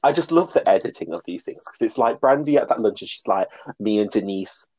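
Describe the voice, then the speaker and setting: A man's voice: fairly low pitch, expressive, brisk, a little mellow, a little hiss or hum. A man co-hosting a casual podcast chat, gossiping about a reality show and acting out quotes. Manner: chatty, gossipy, acts out quotes. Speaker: podcast co-host.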